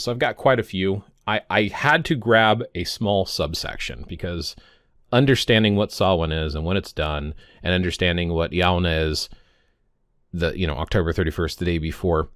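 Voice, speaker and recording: A man's voice: low-pitched, no room sound, studio quality. A man in his fifties talking casually to camera in a vlog, rambling and often stopping to correct himself. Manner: rambling, self-correcting, stumbles on words. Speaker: pagan vlogger.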